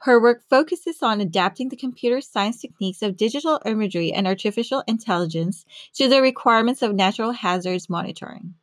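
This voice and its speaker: A woman's voice: mid-range voice, expressive, fast talker, few pauses, no room sound, clean studio sound. A woman hosting a podcast who interviews scientists in a bubbly, enthusiastic, chatty way. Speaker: podcast host.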